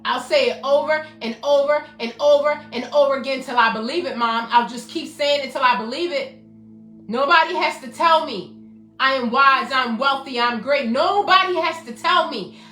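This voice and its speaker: A woman's voice: high voice, moderate pace, a bit bright. A woman hosting a motivational self-help talk, emphatic and repetitive, speaking directly to her viewers by name. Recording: roomy echo, faint music behind.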